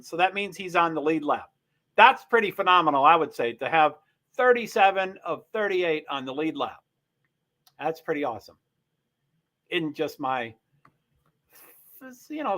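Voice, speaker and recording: Bright-voiced man chatting on a livestream. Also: high-pitched. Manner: chatty, thinking aloud, reads stats off screen. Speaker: livestream host. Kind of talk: casual livestream commentary.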